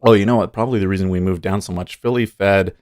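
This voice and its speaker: An opinionated male livestreamer who hosts day-trading streams talks fast in a low, steady, darkish voice, with a dry sound and no echo. His casual live-stream commentary rambles, and he talks back to chat.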